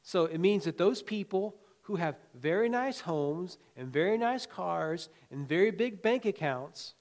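A man preaching a sermon in a folksy, conversational way, swinging between loud emphatic lines and quiet asides, with chuckles. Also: high voice, lively intonation, a little slow. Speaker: pastor.

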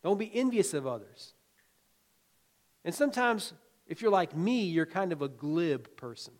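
A man preaching a sermon in a folksy, conversational way, swinging between loud emphatic lines and quiet asides, with chuckles. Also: high voice, expressive, measured pace. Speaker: pastor.

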